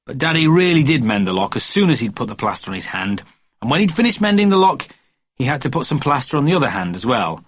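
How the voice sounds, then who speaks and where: A man narrating a children's storybook with expressive cadence. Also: medium pitch, fast, slightly rough, no room sound. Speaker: audiobook narrator.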